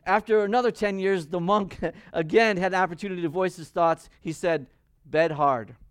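A man preaches a sermon in a fairly high voice, pushing hard and loud when he reads scripture. The sound is dry and close, with no room around it. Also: steady tone, fairly quick, smooth, no room sound. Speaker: pastor.

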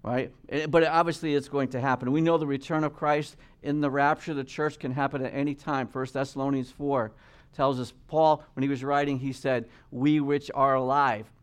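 A man preaching a verse-by-verse Bible teaching, reading scripture slowly and with emphasis, then explaining it in casual asides, often dropping low and quiet at the ends of points. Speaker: pastor.

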